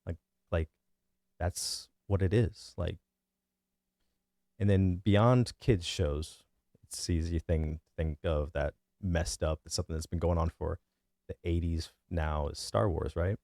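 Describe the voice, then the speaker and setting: A man in his thirties with a deep bass voice, giving his opinions in a casual, rambling monologue full of fillers and restarts. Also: steady tone, unhurried, gravelly, warm tone, no echo, studio quality. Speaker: vlogger.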